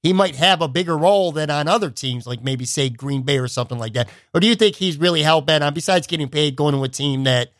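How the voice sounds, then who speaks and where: A man's voice: on the high side, fast, hardly any pauses, fairly bright tone, no room sound, clean studio sound. A man hosting a podcast, asking long, chatty, run-on questions. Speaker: podcast host. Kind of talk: casual interview questions.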